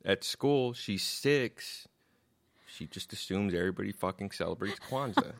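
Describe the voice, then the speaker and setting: A man's voice: lowish voice, expressive, measured pace, gravelly, fairly bright tone. A middle-aged man hosting a podcast, telling stories in a casual, rambling and profane way, laughing at his own jokes. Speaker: podcast host. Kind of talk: casual storytelling chat.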